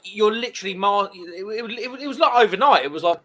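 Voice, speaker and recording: A man's voice: sits high, brisk, a bit bright. A man in his thirties co-hosting a casual late-night live stream chat, reading viewer comments and ranting animatedly.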